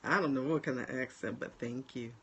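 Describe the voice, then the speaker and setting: A woman's voice: very deep voice, a little fast, breathy edge, muffled recording. A woman from New Jersey with a New Jersey accent, a life coach chatting casually and bluntly to her viewers. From New Jersey, USA. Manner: blunt, animated, talks straight to viewers with frequent laughs. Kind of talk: casual livestream chat to viewers.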